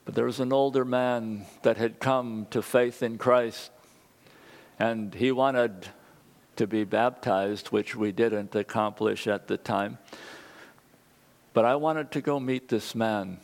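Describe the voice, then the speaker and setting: A man preaching a sermon, telling a personal story earnestly and building excitement at key moments. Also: mid-range voice, slow pace.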